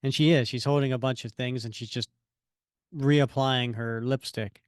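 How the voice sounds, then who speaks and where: A man's voice: mid-range voice, fairly even intonation, moderate pace, smooth, dry recording, studio quality. A man co-hosting a comics podcast, reading the comic dialogue aloud with acted emphasis. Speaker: podcast co-host.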